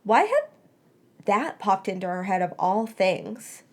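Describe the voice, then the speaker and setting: A woman at a middle pitch reading a story aloud for a podcast. Her delivery is plain and steady, with the odd small slip that she corrects. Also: measured pace. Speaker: podcast reader. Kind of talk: reading fan fiction aloud.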